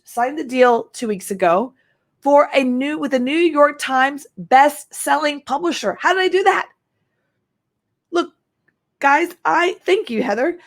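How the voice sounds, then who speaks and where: A middle-aged woman from Texas giving an energetic, emphatic masterclass talk as a marketing coach, reading viewer comments aloud. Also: high voice.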